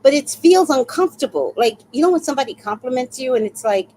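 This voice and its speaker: A woman's voice: sits high, fairly quick, slight background noise, rough recording. A woman in her sixties hosting a live stream, chatting casually and telling stories with laughter and the odd swear word. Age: 60s. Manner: animated, laughing storyteller who swears casually. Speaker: livestream host.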